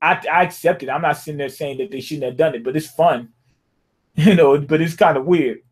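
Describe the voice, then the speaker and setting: Young guy with a high voice rambling about a manga chapter, super casual, keeps going "you know what i'm saying". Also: brisk. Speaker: manga reviewer.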